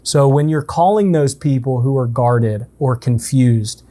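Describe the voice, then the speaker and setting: A man leading a relaxed, conversational coaching session for a team, often checking in with his listeners. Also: medium pitch, a little slow. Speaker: sales trainer. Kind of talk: casual in-person coaching session.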